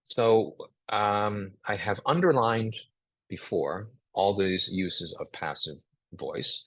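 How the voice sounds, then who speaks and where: A man teaching a live online writing class, acting out example sentences aloud in an animated way. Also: fairly low pitch, slow, no room sound. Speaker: writing instructor.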